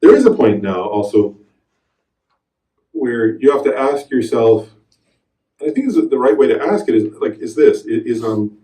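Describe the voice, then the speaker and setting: A middle-aged man giving a meditation teaching to a group, telling a personal story with animated quoted voices. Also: mid-range voice, moderate pace, long pauses. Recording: roomy hall, voice from a distance.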